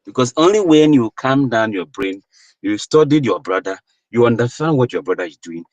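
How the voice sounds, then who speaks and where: A man's voice: medium pitch, lively intonation, moderate pace, darkish tone, dry recording, rough recording. A Nigerian man giving an impassioned, preachy political monologue, full of rhetorical questions. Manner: preachy, rhetorical, rising to emphatic peaks. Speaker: political commentator.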